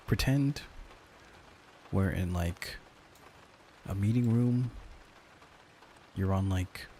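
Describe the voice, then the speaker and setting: A man's voice: low voice, a little mellow, a little hiss or hum. A man chatting casually and hesitantly in an ASMR stream, with many restarts.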